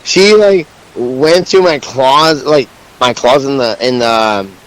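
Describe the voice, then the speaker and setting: A young man in casual chat, telling crude stories with an excitable, laughing delivery. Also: medium pitch, unhurried, rough recording.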